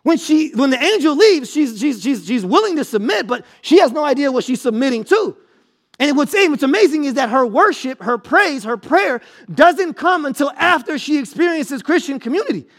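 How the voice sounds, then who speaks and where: High-voiced pastor preaching conversationally. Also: male voice, very animated, normal speed. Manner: conversational, checks in with listeners; repeats words when building a point. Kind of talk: sermon.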